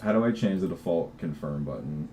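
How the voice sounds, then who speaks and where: Lively low-voiced man streaming while coding. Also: a little fast, faint music behind. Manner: loose, profane, restarts words often, laughs a lot. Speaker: game developer livestreaming. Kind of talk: casual livestream chat while coding.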